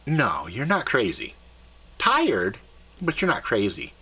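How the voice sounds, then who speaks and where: A man voicing a casual, reassuring male alien elf guide who explains things quickly and easily. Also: mid-range voice, wildly swooping pitch, sharp tone, breathy edge, pitched below the performer's own voice, heavily acted. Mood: easygoing. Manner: casual, easygoing, fast explaining.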